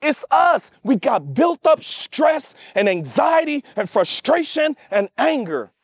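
A man preaching a sermon, emphatic, calling out to the congregation and shouting at the peaks. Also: very high-pitched, very animated, slow, no echo, studio quality. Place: church service with online audience.

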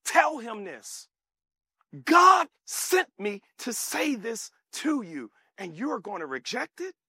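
A man's voice: high voice, wildly swooping pitch, normal speed, sharp tone, breathy edge, no room sound, clean studio sound, exaggerated voice. A man preaching, voicing a stern male archangel with an emphatic, paraphrased delivery.

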